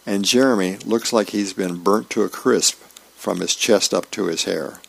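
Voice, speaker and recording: A man in a folksy, unhurried way reads the newspaper funnies aloud for a radio reading service. His voice sits low and has a gravelly fry. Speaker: volunteer radio reader.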